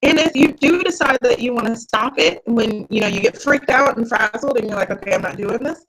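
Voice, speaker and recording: Husky-voiced woman coaching a workshop. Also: high-pitched, fairly bright tone, poor audio. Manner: encouraging, direct, speaks to viewers as sweetheart. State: tired, yawning. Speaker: mindset coach. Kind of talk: live workshop teaching.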